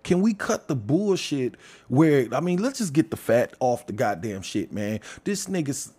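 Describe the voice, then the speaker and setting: Man, mid-pitched, heated profane rant, loud bursts, low mutters. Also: sing-song, moderate pace. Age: adult father. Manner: heated, swearing, swings between loud outbursts and low mutters. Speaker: commentator.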